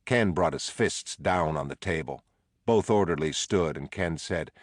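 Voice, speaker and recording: A man reading a novel aloud in a measured, low-key narration. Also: dry recording, studio quality. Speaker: audiobook narrator. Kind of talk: scripted narration.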